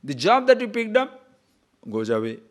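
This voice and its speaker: An older man gives a spiritual discourse as a teacher, speaking in a high voice at a moderate pace. He is animated, poses rhetorical questions, and chuckles from time to time.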